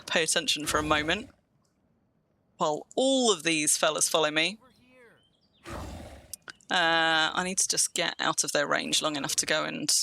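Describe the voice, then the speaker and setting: This streamer, an Englishwoman with a mostly standard accent and a touch of Kent in it, talks her way through a game in a loose, rambling manner, often laughing at herself. Her fairly low voice sounds pushed and bright.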